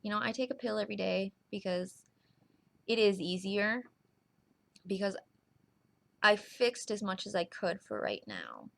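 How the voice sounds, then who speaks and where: A young woman talks straight to her viewers in a heartfelt vlog. Her voice sits at a middling pitch with a gravelly fry running through it. She speaks earnestly and reassuringly, slowing down and restarting words as she goes. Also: big pitch swings, a bit bright. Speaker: vlogger. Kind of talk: heartfelt direct-to-camera vlog.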